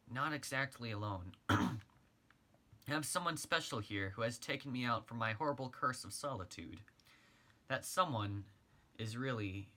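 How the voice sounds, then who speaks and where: A man's voice: medium pitch, sharp tone. Chatty teen boy gamer, read by a man. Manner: talks straight to the listener, chatty. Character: sixteen-year-old boy gamer, chatty and earnest. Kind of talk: first-person storytelling reading.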